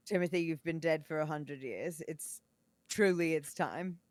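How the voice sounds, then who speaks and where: A woman's voice: low voice, normal speed, no echo. A woman player in a tabletop game, speaking in character with a dry, wry delivery.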